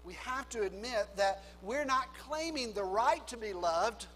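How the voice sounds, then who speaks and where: A man preaching a sermon as a pastor, swinging between hushed low phrases and loud emphatic lines. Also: lively intonation, unhurried, big-room sound, poor audio. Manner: preaching with dramatic drops to a hush and rising emphasis.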